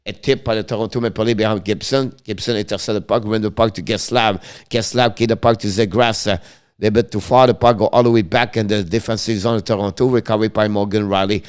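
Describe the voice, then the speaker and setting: French accent guy calling hockey play by play on a stream, lowish smooth voice, rattling off every pass. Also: fairly even intonation. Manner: rapid running commentary in broken English, names each pass. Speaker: play-by-play commentator and stream host.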